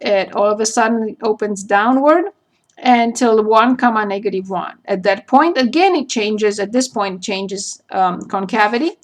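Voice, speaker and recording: A woman math teacher giving a recorded calculus lecture, slowly spelling out each point and step as she works through a graph. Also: mid-range voice.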